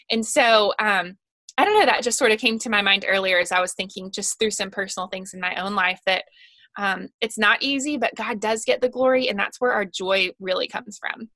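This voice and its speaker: Bright, earnest woman podcast guest. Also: a little high, a little fast, no room sound. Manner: earnest and talkative, with frequent fillers. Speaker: guest author of a Bible study guide. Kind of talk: casual podcast conversation.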